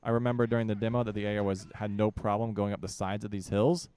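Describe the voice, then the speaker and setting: A man's voice: fairly low pitch, little pitch movement, quick pace, a little mellow, clear, resonant tone. A young man giving casual commentary while playing a strategy game, barking orders at his units and grumbling with joking exasperation. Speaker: gaming channel host.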